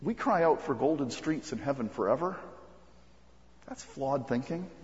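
A man preaching a sermon as pastor, earnest and halting, with frequent ums and restarts. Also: mid-range voice, animated, a little mellow. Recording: muffled recording with long hall reverb.

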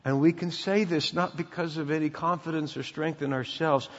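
A man's voice: on the high side, steady tone, normal speed, few pauses. Man preaching in a reverberant hall. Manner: emphatic, preacherly, drops to quiet intensity. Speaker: pastor. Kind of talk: sermon. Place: church sanctuary. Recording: dull sound in a reverberant hall.

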